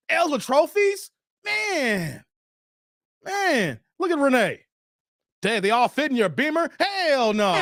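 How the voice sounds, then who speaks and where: Host: man, high voice, dry close sound, jokey livestream chat reading. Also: fairly bright tone, dry recording. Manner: joking, reacts to viewer comments.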